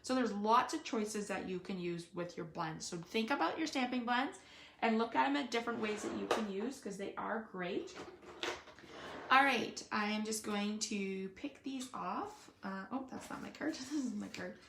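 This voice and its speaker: A woman's voice: mid-range voice, moderate pace, creaky, fairly bright tone, a little hiss or hum. A woman giving a casual live card-making demonstration, chatting and thinking aloud with frequent fillers. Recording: echoey room.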